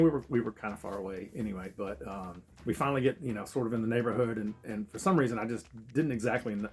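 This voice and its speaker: A man telling a travel story in a casual, profane way, laughing as he goes. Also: fairly low pitch. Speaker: travel vlogger.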